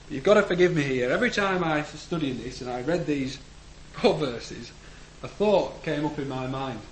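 A man preaching a sermon in a church, earnest, rising to emphatic declarations and letting phrase ends fall low. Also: expressive, normal speed. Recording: echoey room with faint background noise.

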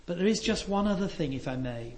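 An older man preaching a sermon, earnest and emphatic, dropping to soft asides. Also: high voice, animated, fast talker. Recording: echoey hall.

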